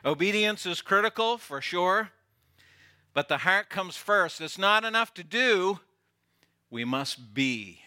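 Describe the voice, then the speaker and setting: A man preaching a sermon as pastor, earnest, often dropping soft and low to stress a point.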